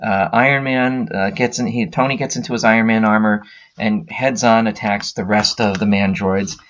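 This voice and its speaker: A man's voice: fairly low pitch, fairly even intonation, moderate pace, fairly bright tone, dull audio. A man hosting a podcast, casually retelling a story in a rambling way with many filler sounds. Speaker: podcast host.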